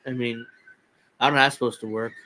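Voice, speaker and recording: A man's voice: medium pitch, fairly even intonation, fast, bright, forceful tone, a little hiss or hum. A man hosting a casual wrestling podcast, opinionated and rambling, chuckling often as he talks. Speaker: podcast host.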